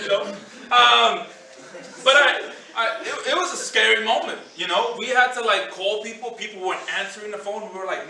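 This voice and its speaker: A man's voice: sits high, moderate pace, sharp tone, a little hiss or hum. A male pastor preaching a sermon in a conversational way, often saying "you know" as he tells a story to his church. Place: church hall. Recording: roomy sound from a distance.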